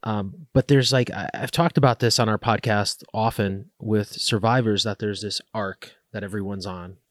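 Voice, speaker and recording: A man's voice: fairly low pitch, steady tone, normal speed, no room sound, studio quality. A man hosting a podcast interview, asking long rambling questions with many fillers. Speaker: podcast host. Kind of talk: interview conversation.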